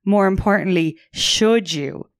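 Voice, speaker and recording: A woman's voice: mid-range voice, measured pace, no room sound, studio quality. A young Irish woman co-hosting a podcast, chatting casually and bluntly, swearing freely and laughing often. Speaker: podcast co-host. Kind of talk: casual chat.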